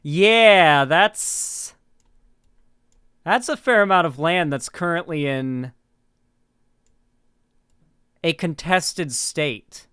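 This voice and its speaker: Male streamer from Florida, casual and rambling, clear smooth voice, close dry mic. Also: fairly high pitch, slow pace, pushed and bright, dry recording. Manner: rambling, full of "like" and restarts, talks to chat. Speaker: livestream political commentator. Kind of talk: casual livestream commentary.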